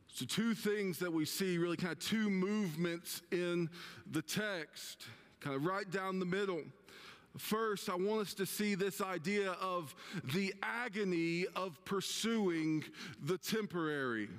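A man's voice: sits high, a bit bright, smooth. Conversational male pastor in a reverberant hall. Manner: conversational, slows down for emphasis. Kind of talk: sermon. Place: church sanctuary.

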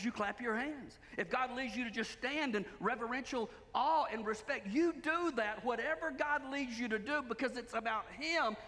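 A man's voice: extremely high pitch, sharp tone. A man preaching a sermon as pastor, emphatic and full of rhetorical questions. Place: church sanctuary. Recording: long hall reverb.

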